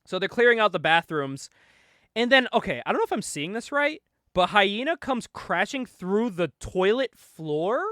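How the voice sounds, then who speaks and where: High, lively, laughing man recapping a comic. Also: normal speed, no echo, studio quality. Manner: laughs often, swears, jokey. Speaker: podcast host reviewing a comic. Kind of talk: casual comic recap with acted quotes.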